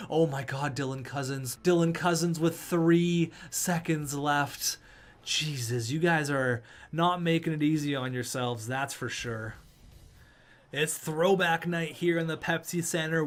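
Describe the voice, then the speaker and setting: A young man commentating his own hockey video game with excitement, calling plays and urging the players on. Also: a little high. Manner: hype, shouting at players, play-by-play. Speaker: gaming video creator.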